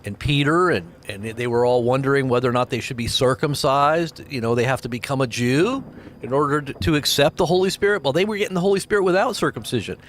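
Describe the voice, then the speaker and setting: A man's voice: mid-range voice, quick pace, slight background noise. A man hosting a casual livestream, rambling between scripture and videos and reading out viewer names with chuckles. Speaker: livestream host.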